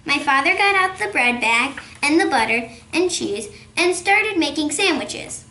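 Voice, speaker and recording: A woman reads a children's novel aloud in a measured storytelling manner. Her voice is high and her pace slow. The room adds a noticeable echo. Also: expressive, bright, forceful tone. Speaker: narrator.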